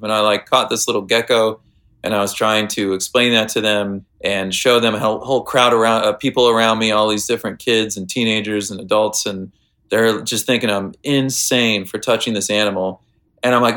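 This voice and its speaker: A man's voice: fairly low pitch, steady tone, brisk, pushed and bright. An American man telling a rambling story in casual chat, full of fillers and restarts. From United States.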